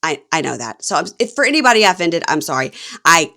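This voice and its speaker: Southern lady podcast host, low-ish voice, rambling chatty recap, laughs at herself. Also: big pitch swings, creaky, bright, forceful tone. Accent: Southern American. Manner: chatty, self-deprecating, quick asides and laughs. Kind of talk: casual chat recapping reality TV.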